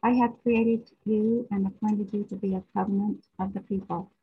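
A woman in a study group reading a long scripture passage aloud in a steady voice. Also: mid-range voice, moderate pace. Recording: muffled lo-fi call audio.

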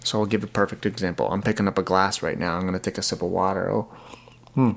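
A man's voice: low-pitched, fairly even intonation, quick pace, gravelly. A young man hosting his own podcast in a casual, rambling, earnest way, often repeating words as he talks. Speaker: podcast host. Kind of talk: casual solo podcast talk.

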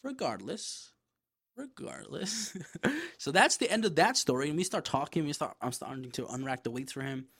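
Guy rambling thru a story on his podcast, swears a lot, lots of asides, mid-pitched voice. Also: brisk. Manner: loose, profane, animated retelling with frequent asides. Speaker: podcast host. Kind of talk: casual solo storytelling.

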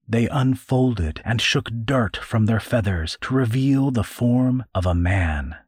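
A man reading a dark fantasy story as narrator, in a slow, measured way. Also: on the low side, slightly rough, no room sound, clean studio sound. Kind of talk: scripted narration.

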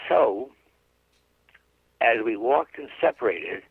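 A man's voice: mid-range voice, very animated, takes it slowly, creaky, breathy edge, no room sound. An older man, a guest psychic, telling a long anecdote in a radio interview and acting out the dialogue as he goes. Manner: chatty anecdotal storyteller, acts out dialogue. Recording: dry, phone-like narrow line.

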